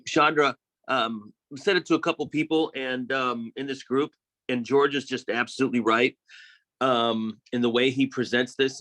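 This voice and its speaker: A man's voice: medium pitch, fairly bright tone, poor audio. A man in a group discussion, speaking up earnestly and using many fillers. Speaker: group member.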